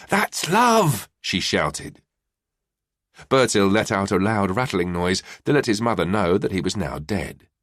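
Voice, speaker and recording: Male audiobook narrator: low, expressive, dry close-mic read. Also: no echo. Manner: measured, expressive reading. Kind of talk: scripted narration.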